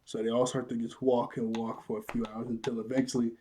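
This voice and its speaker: A man talks through an episode he watched in a relaxed, rambling way, laughing easily along the way. His delivery is loose and conversational, full of fillers. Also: medium pitch, fast, a little hiss or hum. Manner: loose, chatty, laughs often, lots of "like". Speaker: show reviewer. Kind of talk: casual episode recap.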